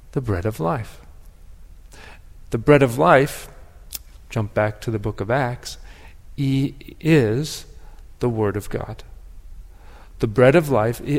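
A man giving a sermon as pastor, speaking in a reflective, measured way with pauses and restarts. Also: medium pitch, a little mellow. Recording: long hall reverb.

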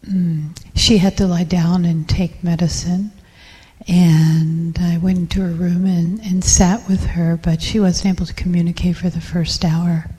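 A woman telling a personal story to a group in a slow, near-whispered, reflective way. Her voice is dark and mellow. The sound carries the long echo of a hall. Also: on the low side, little pitch movement, breathy edge. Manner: soft, hushed, reflective, with pauses. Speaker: group participant sharing a story.

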